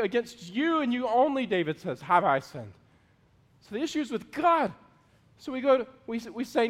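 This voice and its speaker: A man preaching a sermon as pastor, earnest, moving between loud pleading prayers and quiet asides. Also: extremely high pitch, very animated, normal speed. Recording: long hall reverb.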